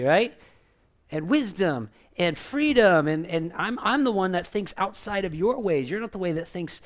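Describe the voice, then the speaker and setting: Animated man preaching a casual sermon. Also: high voice, normal speed. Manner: conversational, animated, many restarts and asides. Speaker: pastor. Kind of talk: sermon and prayer.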